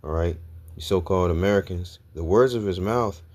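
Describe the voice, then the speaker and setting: A man's voice: deep voice, brisk, a little mellow. A man teaching a sermon, reading scripture aloud and checking in with his listeners with "all right?" and "okay?" after almost every point. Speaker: preacher.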